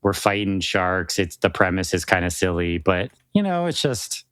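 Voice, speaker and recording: Deep-voiced man in casual chat. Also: very animated, moderate pace, a bit bright, clean tone, no echo. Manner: rambling, enthusiastic, many restarts and fillers. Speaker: podcast co-host.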